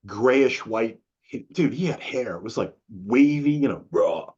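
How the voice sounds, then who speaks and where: A husky middle-aged man from Massachusetts tells a long story in a loose, chatty way. He keeps breaking into other people's voices, suddenly jumping up high for their lines. The sound is dull and lo-fi, with a medium-pitched voice. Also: measured pace. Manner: animated, acts out quoted voices with big pitch jumps. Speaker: interview guest. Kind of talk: casual storytelling.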